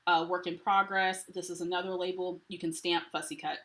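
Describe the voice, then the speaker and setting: A woman's voice: lowish voice, flat delivery, fairly quick, bright, forceful tone. A woman hosting a live craft unboxing. She talks in a chatty, enthusiastic way and greets viewers by name. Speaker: craft livestream host.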